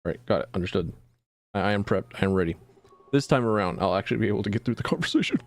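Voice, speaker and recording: A man's voice: fairly low pitch, quick pace. A young man streaming a video game, rambling in a self-deprecating way and fussing at his microphone. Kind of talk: casual gameplay commentary.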